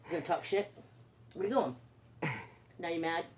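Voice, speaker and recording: A woman's voice: lowish voice, moderate pace, a little mellow, a little hiss or hum. A woman teasing and scolding her pet bird on camera at home, mock-stern and laughing.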